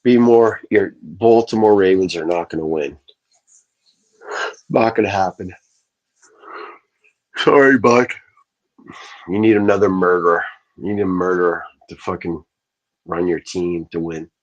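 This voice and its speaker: A man's voice: low voice, measured pace, long pauses, dull audio. A man ranting casually on a livestream, rambling and swearing as he answers his chat. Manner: profane, rambling, talks back to chat.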